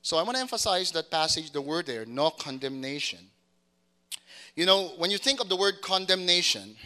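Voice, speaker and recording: A man gives a sermon to his congregation in a bright, ringing, somewhat high voice. He repeats his words, stops and starts again, and keeps asking whether the listeners follow him. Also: animated, normal speed. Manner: repeats words and restarts, asks congregation to confirm. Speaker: pastor.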